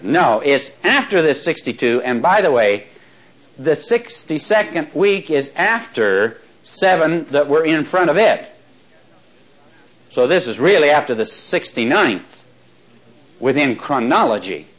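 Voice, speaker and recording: A male Bible teacher lectures his class in a lively, fairly high voice that rises and falls a great deal. He drops in chatty asides and soft chuckles, then slows down to read scripture. The recording sounds dull and lo-fi. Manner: slows right down when reading verses aloud.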